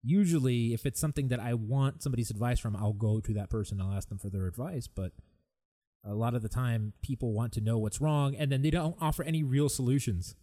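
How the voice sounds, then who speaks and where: A man's voice: mid-range voice, fairly quick, mellow. A man hosting his own podcast, talking candidly and with exasperation about stress, sometimes mimicking other people. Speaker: podcast host. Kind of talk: solo podcast monologue.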